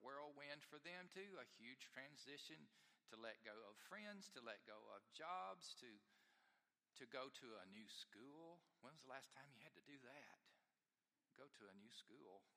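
Bright-voiced male pastor in a reverberant sanctuary. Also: mid-range voice. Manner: conversational, storytelling. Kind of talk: sermon. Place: church sanctuary. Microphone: live service mic. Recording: long reverb of a live sanctuary.

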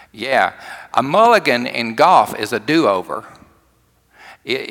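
A man preaching a sermon in a church, telling stories in a folksy way that swings from loud to hushed. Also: mid-range voice, long reverb tail. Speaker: pastor.

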